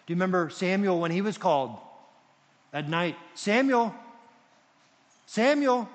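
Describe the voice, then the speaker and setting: A male pastor preaches a sermon, voice set a little high and swinging between loud emphasis and quiet, hushed moments. His words ring out across a church hall with long reverb.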